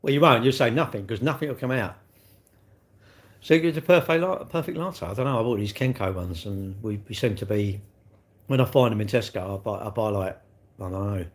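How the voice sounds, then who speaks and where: A man's voice: fairly low pitch, brisk. Older man teasing his chat. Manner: blunt, teasing banter with chat. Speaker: livestreamer. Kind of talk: casual live-stream chat.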